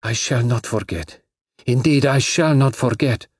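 A man voicing a frightened, pleading young foreign woman in a high, husky, breathless voice. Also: measured pace, no room sound, studio quality. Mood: tender.

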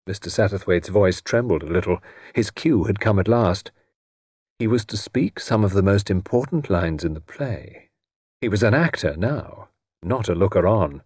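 A male storyteller reading an audiobook with expressive, measured delivery. His voice is husky and moves freely up and down, sitting a little low. The recording is close and dry. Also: no room sound. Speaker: narrator. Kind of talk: scripted audiobook narration.

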